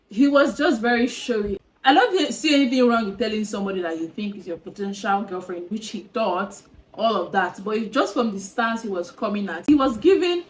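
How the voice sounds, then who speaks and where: A young woman speaks straight to camera in a storytime vlog, exasperated and animated. Her voice sits at a mid-range pitch, with faint noise underneath. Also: a little fast, rough recording. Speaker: vlogger.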